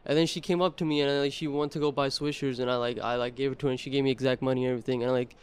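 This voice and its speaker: A man telling a story in a casual podcast chat, animated and profane. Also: medium pitch, very fast, smooth.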